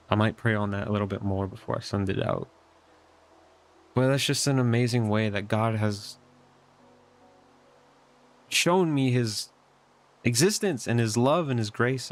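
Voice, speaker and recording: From his bedroom at home, a young vlogger gives a casual personal update. His fairly low voice carries an earnest, reflective tone, and he rambles with plenty of fillers.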